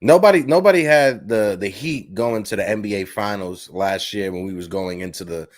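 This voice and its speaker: A man co-hosting a casual sports podcast, excitedly building hypotheticals and repeating himself as he talks. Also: on the low side, moderate pace, no echo. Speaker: podcast co-host.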